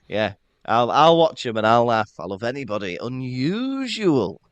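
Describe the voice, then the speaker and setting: A man's voice: medium pitch, slow pace, dry recording, highs cut off. A man co-hosting a casual podcast, telling stories with laughter. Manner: lively and laughing, animated storytelling. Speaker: podcast co-host. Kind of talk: casual chat.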